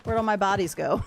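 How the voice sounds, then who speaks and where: A woman's voice: on the low side, a little hiss or hum. An American woman chatting casually on a game livestream, reacting to chat and to what happens in play. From United States. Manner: chatty, reacts to chat and gameplay as she plays. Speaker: game streamer.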